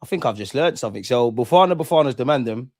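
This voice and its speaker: A young man hosts a live football watch-along, at an ordinary pitch for a man. His talk is loose and full of slang, and it jumps into excited bursts. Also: fast talker.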